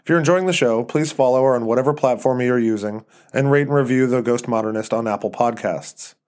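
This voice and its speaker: A man who hosts a podcast, narrating a scripted horror story in a measured, even way. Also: medium pitch.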